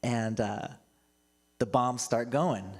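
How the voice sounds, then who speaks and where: Casual pastor type, storytelling sermon, laughs often between lines. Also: male voice, mid-range voice, takes it slowly, a little mellow. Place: church livestream.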